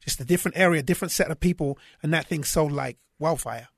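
A man's voice: on the high side, fast talker, no echo, clean studio sound. A man chatting as a guest, telling stories with animation and frequent restarts. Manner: animated storyteller with laughter. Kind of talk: casual chat.

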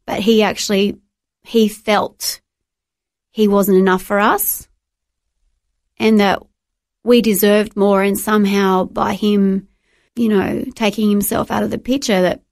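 A woman's voice: mid-range voice, level tone, a little slow, vocal fry, pauses often, a little mellow, dry recording, studio quality. A middle-aged Australian woman sharing her personal faith testimony as an interview guest, earnest and emotional, often restarting her words.

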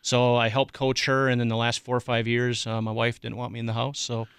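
A middle-aged man, a youth softball coach speaking as a radio guest, hesitant with many ums. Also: medium pitch, monotone, fairly quick, clean tone, no echo, clean studio sound. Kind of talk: casual radio interview.

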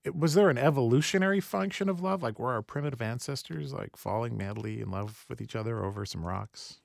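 A man hosting a call-in radio talk show, upbeat and energetic, repeating the phone number for listeners. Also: medium pitch, a little fast, creaky, dry recording. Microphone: studio microphone.

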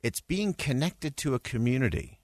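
A man's voice: mid-range voice, lively intonation, moderate pace, darkish tone, dry recording. A male radio host giving an earnest, reflective closing commentary and telling a story in a studio.

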